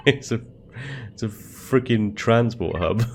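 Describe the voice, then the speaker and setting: A man's voice: mid-range voice, a little mellow, a little hiss or hum. A young man hosting a let's play, giving gameplay commentary and reacting with exasperated swearing and laughter at his own mishaps.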